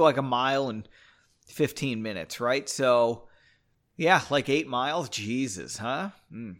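A man's voice: mid-range voice, measured pace, a bit bright. A man hosting a podcast, reading a story aloud and breaking off for chatty, self-mocking jokes. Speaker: podcast host.

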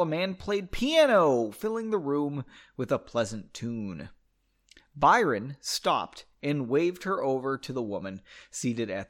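A man's voice: a little high, a bit bright. Man reading his book aloud with jokes. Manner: joking asides, self-corrections. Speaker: reader of his own book.

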